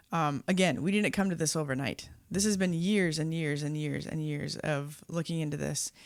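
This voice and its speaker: A woman's voice: sits low, dry recording, clean studio sound. A woman co-hosting a Catholic podcast, speaking earnestly in casual chat and often murmuring agreement. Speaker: podcast co-host.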